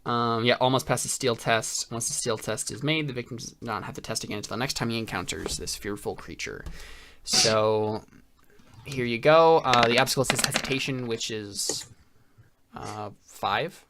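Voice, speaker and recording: A man's voice: medium pitch, moderate pace, background noise. A man narrating as game master of a tabletop game in a rambling, filler-heavy way.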